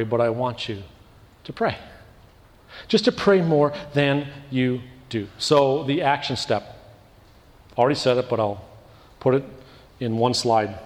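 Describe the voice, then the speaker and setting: A man preaching a sermon as pastor, telling a personal story with animated quoted voices and building into emphatic repeated lines. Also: medium pitch, moderate pace, big-room sound.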